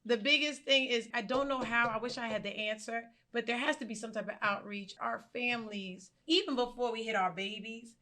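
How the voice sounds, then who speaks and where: Bright woman teacher on a panel, earnest, tells stories with quotes. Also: mid-range voice. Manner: earnest, storytelling, animated quotes. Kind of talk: personal panel talk.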